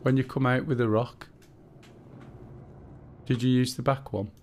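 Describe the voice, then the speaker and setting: Streaming a game, a man chats casually and guides a teammate through the controls, thinking out loud with fillers. His medium-pitched, slightly mellow voice stays fairly even at a measured pace, over slight background noise.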